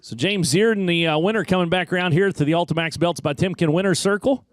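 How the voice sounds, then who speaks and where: Fast-calling male race announcer. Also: high-pitched, no echo. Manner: fast, excited race calling with track jargon. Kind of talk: play-by-play commentary.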